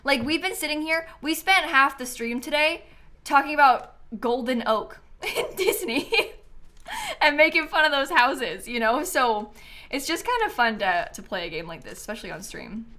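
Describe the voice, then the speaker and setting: Bright, lively woman streaming a game. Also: high-pitched, moderate pace. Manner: chatty, answers chat and thinks aloud; excitable, squeals and laughs. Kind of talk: casual live-stream chat while playing.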